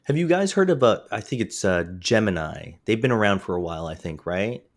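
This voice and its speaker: ポッドキャストで木工の質問に答える男性。言いよどみやフィラーが多く、しゃっくりが出ている。. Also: male voice, fairly low pitch, expressive, a little fast. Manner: hesitant, many fillers and restarts. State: has the hiccups. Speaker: podcast co-host. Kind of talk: casual chat.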